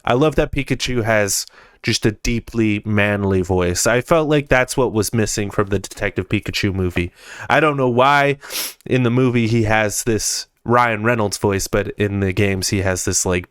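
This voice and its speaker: A man's voice: fairly low pitch, fairly bright tone, clear, resonant tone, dry recording, studio quality. A young man hosting a podcast, chatting casually and enthusiastically about gaming news, with frequent fillers. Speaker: podcast host.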